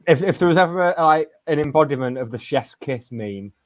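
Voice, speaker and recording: A man's voice: a little high, lively intonation, fairly quick, slight background noise. Man, football podcast co-host, dry humour, casual talk.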